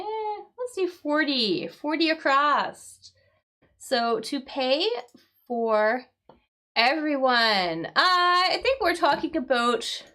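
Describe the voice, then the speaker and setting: A woman's voice: sits high, sharp tone. A woman teaching English vocabulary on a live crossword stream, explaining words patiently and checking in with "right?" as she goes. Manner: explains slowly with frequent "right?" checks and fillers.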